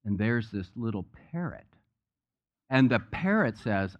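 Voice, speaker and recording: A male pastor delivers a sermon in a relaxed, chatty way and tells jokes along the way. His voice sits at an ordinary middle pitch. The church recording sounds a little dull and muffled. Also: unhurried. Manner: conversational, joke-telling preacher. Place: church sanctuary.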